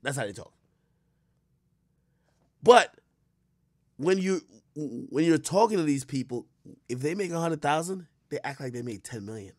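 A man's voice: fairly high pitch, animated, unhurried, long pauses, no echo, clean studio sound. A man giving blunt, profane commentary in a rambling, storytelling way while reacting to a clip.

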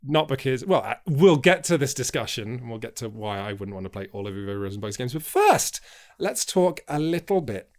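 A man's voice: mid-range voice, moderate pace. A man hosting a casual podcast and introducing his co-hosts with jokes. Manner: playful, jokey, animated. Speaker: podcast host.

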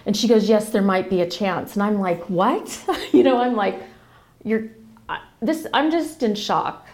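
Woman with a gravelly voice rambling through a family story, lots of restarts. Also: mid-range voice, animated, normal speed, a little mellow. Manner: emotional, rambling, many restarts. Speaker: guest sharing a family story. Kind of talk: casual storytelling.

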